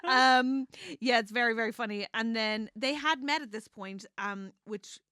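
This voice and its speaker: A woman's voice: a little high, moderate pace, pushed and bright, smooth, dry recording, studio quality. A woman co-hosting a podcast in casual chat about a book. She laughs often and acts out the characters' lines as she recaps the story. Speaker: podcast co-host.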